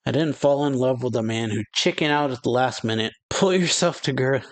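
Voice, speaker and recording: Reading manga lines aloud for a reaction channel, this man talks fairly quickly in a middle-range voice with mostly even intonation. He still lifts a bit for each character and chuckles between lines in an easygoing way.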